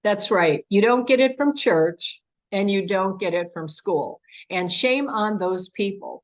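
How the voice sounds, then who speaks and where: An older woman giving a talk about her own experiences, telling the story with animation and acting out the dialogue. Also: mid-range voice. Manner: animated storyteller who acts out quoted dialogue. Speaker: guest speaker. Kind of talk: personal account told to an audience. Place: home podcast studio.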